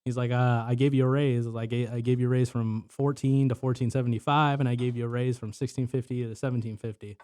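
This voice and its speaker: A man's voice: mid-range voice, flat delivery, fast, hardly any pauses, warm tone. A young man telling work stories in casual podcast chat, rambling with lots of filler words and swearing.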